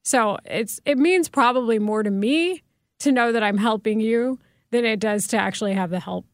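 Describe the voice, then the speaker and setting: A woman's voice: a little high, normal speed, no room sound, studio quality. A woman broadcaster as a podcast guest, speaking in a frank, reassuring and supportive way. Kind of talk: candid podcast conversation.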